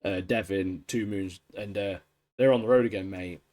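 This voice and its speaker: A man's voice: low-pitched, normal speed, a little mellow. A man, co-hosting a podcast in casual chat, laughing often and calling people mate. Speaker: podcast co-host.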